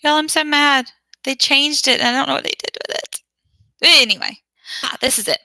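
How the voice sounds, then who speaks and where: A woman's voice: high voice, a little fast, gravelly, bright, forceful tone, no room sound, poor audio. A woman who teaches online, chatting casually with viewers and often laughing or trailing off as she hunts around her screen. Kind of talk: casual livestream chat with viewers.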